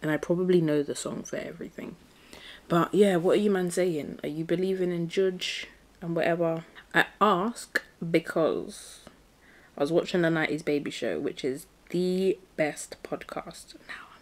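Young woman rambling on her podcast, playful and slangy, voice sits a bit low. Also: normal speed. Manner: chatty and playful, breaks into song and slang. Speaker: podcast host. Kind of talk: casual solo podcast chat.

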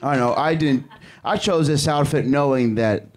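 A man's voice: mid-range voice, moderate pace. A young man doing a crude, rambling stand-up set on a comedy club stage, breaking off to laugh at himself. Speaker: stand-up comic.

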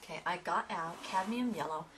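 In this painting tutorial, a woman instructor speaks on the lower side and at a fairly quick pace. She guides students step by step in a chatty manner, adding asides, while background noise runs underneath.

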